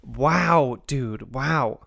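A man's voice: mid-range voice, very slow, creaky, crowd noise. A man co-hosting a podcast in casual chat, reacting with emphatic exclamations and casual swearing. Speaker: podcast co-host.

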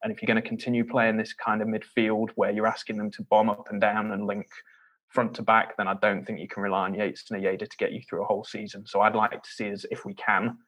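A man in a casual football chat, thoughtful and measured, hedging with fillers. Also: lowish voice, little pitch movement, fairly bright tone, poor audio. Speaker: podcast co-host.

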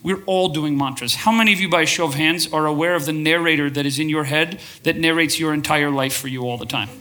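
A man's voice: fairly high pitch, fairly even intonation, fast talker, sharp tone. A man preaching a sermon to a live congregation, passionate and restless, often asking for a show of hands and restarting his phrases as he builds up. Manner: passionate, asks the crowd for shows of hands. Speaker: pastor.

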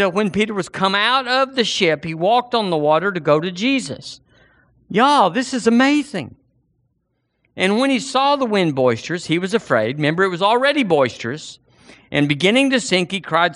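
A man preaching a sermon in a folksy, animated way, acting out the voices in the story. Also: high voice. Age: 60s.

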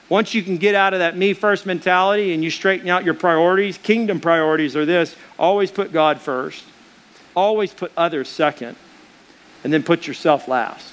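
A man with a notably high-pitched voice delivers a sermon as pastor. He talks straight to the congregation, earnest and emphatic, and stacks repeated phrases to press each point home. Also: fairly bright tone. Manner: earnest, emphatic, addresses listeners directly; drives points home by repetition.

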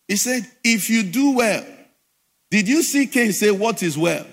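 Man, pastor preaching, quizzing the congregation, high voice, reverberant hall. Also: animated, unhurried, breathy edge. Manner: preaching with call-and-response questions to the congregation. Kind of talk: sermon.

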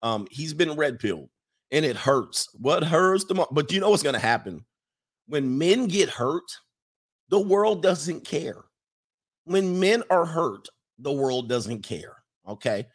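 Animated man hosting a casual stream. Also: on the high side, a little slow, husky. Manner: animated, laughs often, repeats for emphasis. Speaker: streaming podcast host. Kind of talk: casual monologue reading viewer questions.

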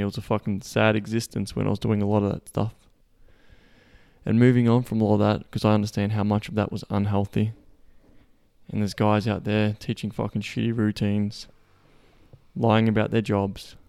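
Here a men's dating coach and podcast host talks in a fairly low, creaky voice with a warm tone and no audible room. Bluntly and profanely, he delivers a loose monologue to other men, restarting often and getting more emphatic.

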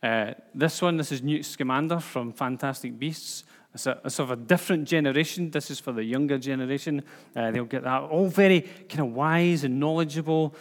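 A man's voice: mid-range voice, fairly quick. A man with a Scottish accent giving an informal sermon, chatty, with lots of fillers and restarts. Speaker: preacher. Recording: long hall reverb.

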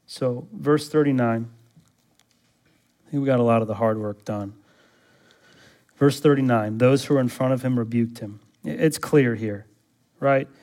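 A pastor preaching a sermon in a church, asking the congregation rhetorical questions and building to loud, urgent exhortation. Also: male voice, mid-range voice.

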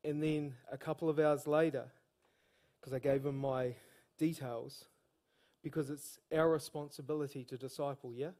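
A man preaching a sermon in a church service, telling stories in a lively, slangy, evangelistic way. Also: on the high side, normal speed. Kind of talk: sermon storytelling.

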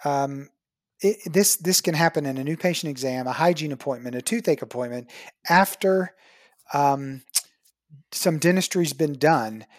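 Animated dentist telling a patient story. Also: moderate pace, no room sound, clean studio sound. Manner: animated, acts out patient dialogue with big pitch jumps. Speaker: dentist, guest. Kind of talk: storytelling in an interview.

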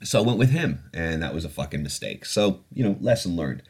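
A man's voice: low voice, big pitch swings, brisk, darkish tone, slightly rough. A man hosting a podcast, telling a personal story in a candid, profane, reflective way. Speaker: podcast host. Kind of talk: casual storytelling.

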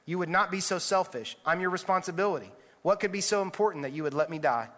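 A man's voice: sits high, fast, a bit bright. A man reading a fable aloud, voicing a manipulative dangling stranger who pleads and guilt-trips. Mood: shrill. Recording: echoey church hall.

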